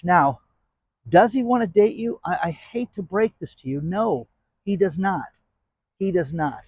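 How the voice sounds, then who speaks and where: Heard in a dry recording, a man with a fairly high pitch and darkish tone hosts his channel. Chatting casually to his viewers, he keeps punching his points with "okay?"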